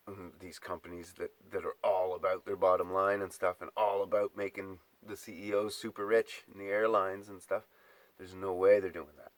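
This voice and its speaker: Man, low voice. Profane, exasperated rant straight to camera, dry close sound. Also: level tone, moderate pace, no echo. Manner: exasperated, swearing, mocking. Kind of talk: profane ranting monologue.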